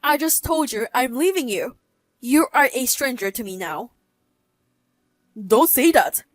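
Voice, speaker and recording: A woman in her thirties tells her story in first person, cool and cutting. Her voice is somewhat high and sounds dry and close. She speaks matter-of-factly. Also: lively intonation, normal speed, no room sound. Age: 30s. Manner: cold, cutting, matter-of-fact. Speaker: narrator.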